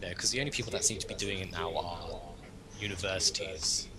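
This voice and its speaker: A man's voice: sits low, fast, a crowd in the background, rough recording. A young man hosting a casual political chat, rambling and opinionated as he thinks aloud. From Britain. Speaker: host.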